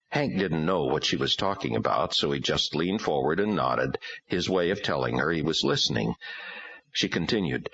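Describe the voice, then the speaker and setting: A man's voice: extremely low pitch, very animated, moderate pace, a bit bright, husky, dry recording. A man narrating an audiobook and voicing its dialogue. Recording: dull lo-fi audio.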